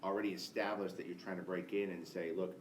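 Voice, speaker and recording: Low-voiced guy asking a rambling question from the crowd, far from the mic, roomy echo. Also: level tone, fast talker. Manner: searching, rambling question with many restarts. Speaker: audience member asking a question. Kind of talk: spoken question from the floor. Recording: echoey, far-off room mic with faint noise.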